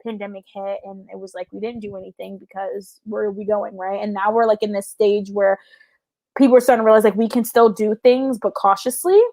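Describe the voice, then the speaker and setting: A woman's voice: medium pitch, little pitch movement, a little fast, a little mellow, dry recording. A woman in her thirties chatting casually as an interview guest, frank and full of "like", swearing now and then. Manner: chatty, fills every sentence with "like". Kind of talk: casual storytelling chat.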